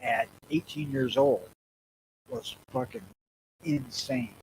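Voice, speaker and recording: A man's voice: mid-range voice, slow pace, darkish tone, breathy edge, poor audio. A man from the northern US telling stories bluntly as a podcast co-host, swearing freely. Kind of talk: casual crude podcast banter.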